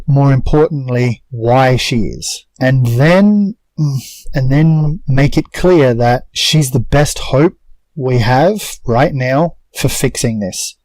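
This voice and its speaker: A man playing a tabletop game, speaking deliberately and haltingly, often correcting himself. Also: mid-range voice, darkish tone, dry recording, low-quality recording. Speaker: player.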